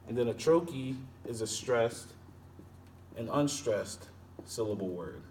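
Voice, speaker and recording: A man's voice: mid-range voice, animated, slow, darkish tone. Man, lesson explainer, sounds out and repeats words; mic set back, faint hiss. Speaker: teacher. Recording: distant mic with faint background noise.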